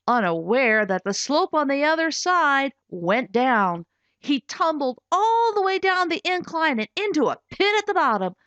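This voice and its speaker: Woman author reading her storybook, lively pitch; dry, dull recording. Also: dry recording. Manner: expressive storytelling, voices for characters. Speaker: author and narrator. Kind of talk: scripted audiobook narration.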